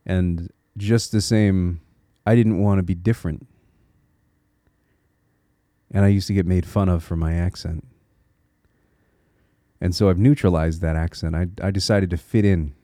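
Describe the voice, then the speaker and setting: A low-pitched man with a warm, mellow tone hosts a solo podcast, reflective and earnest as he encourages his listeners. He thinks aloud, restarting small phrases now and then. The sound is dry, with no room echo. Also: steady tone, a little slow, pauses often. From Connecticut, USA. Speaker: podcast host.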